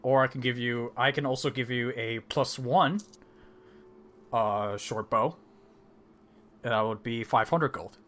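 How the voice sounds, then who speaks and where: Running a tabletop game as dungeon master, a man narrates animatedly, laughing often and using lots of fillers. His voice is medium in pitch, a little slow, with long pauses.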